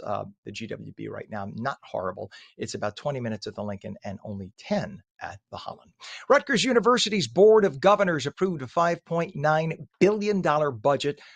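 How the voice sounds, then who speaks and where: Gravelly blunt morning show host man. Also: mid-range voice, no echo. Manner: blunt, opinionated asides. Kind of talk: casual radio news and traffic chat.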